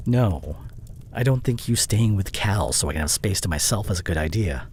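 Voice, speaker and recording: A man's voice: low-pitched, animated, normal speed, a little mellow, a little hiss or hum, rough recording. A man playing an overworked, short-tempered boyfriend. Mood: frustrated, heated. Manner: emotionally charged, intimate second-person address. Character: overworked young adult boyfriend, short-tempered but loving. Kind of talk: audio roleplay drama addressed to the listener. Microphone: close studio condenser mic.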